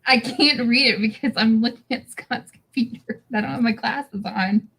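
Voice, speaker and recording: A woman joins a podcast as a guest, laughing easily as she talks. Her voice has a husky edge. She is quick to tease the host and correct him. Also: a little high, fairly bright tone, poor audio. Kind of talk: casual podcast chat.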